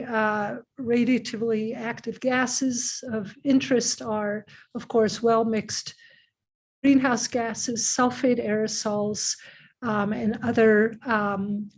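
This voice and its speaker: A hoarse middle-aged woman giving a scientific seminar talk over a video call, measured and pausing often with fillers. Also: fairly high pitch. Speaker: invited seminar speaker, climate scientist.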